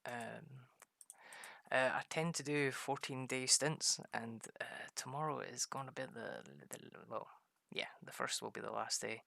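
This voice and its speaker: A man's voice: mid-range voice, steady tone, unhurried, gravelly, pushed and bright, no echo. A man giving rambling, casual commentary over a video game, laughing often. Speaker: gaming video host.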